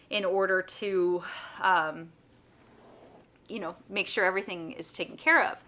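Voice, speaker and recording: A woman's voice: lowish voice, fairly even intonation, moderate pace, long pauses, bright, forceful tone. A middle-aged woman, a homeschooling mom and nurse, telling a personal story in a casual vlog, chatty and full of fillers. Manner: chatty, with many fillers like "um" and "you know".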